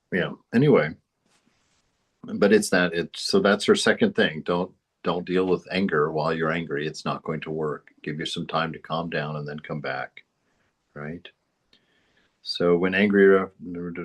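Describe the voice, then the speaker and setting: A man's voice: low-pitched, breathy edge. A man giving an informal spiritual teaching, rambling into anecdotes and chuckling often. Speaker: spiritual study group teacher.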